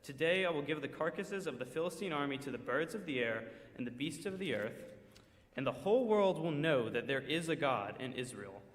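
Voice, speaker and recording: Man voicing a teenage shepherd boy shouting defiance. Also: fairly high pitch, lively intonation, fairly quick, natural voice. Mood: defiant. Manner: declaiming loudly with full effort. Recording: echoey church hall with long reverb.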